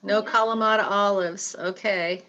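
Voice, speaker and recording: A woman's voice: mid-range voice, steady tone, a little slow, pushed and bright. A woman joining a casual wine tasting on a video call, answering in short agreeing phrases. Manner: short agreeing replies, easy laughs. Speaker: participant in a virtual wine tasting. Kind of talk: casual group chat over a video call. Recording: dull, muffled video-call audio.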